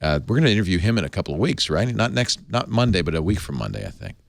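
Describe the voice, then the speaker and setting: Male show host, deep and lively voice, close dry mic, loose enthusiastic ad read. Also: very fast, gravelly, no echo. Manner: enthusiastic, chatty, rambling. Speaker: podcast host. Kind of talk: live ad read on a tech talk show.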